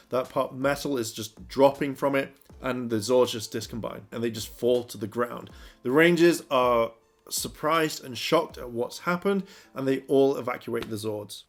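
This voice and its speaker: A man giving a casual, rambling recap of a TV episode, full of fillers like "kind of" and "you know". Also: mid-range voice. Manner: rambling, filler-heavy retelling. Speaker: TV episode reviewer.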